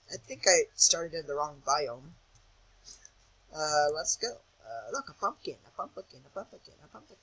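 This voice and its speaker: A man's voice: on the high side, pushed and bright, husky, poor audio. A young man giving casual commentary over a video game, jittery and self-mocking, often chanting words over and over in a sing-song. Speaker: gaming channel host.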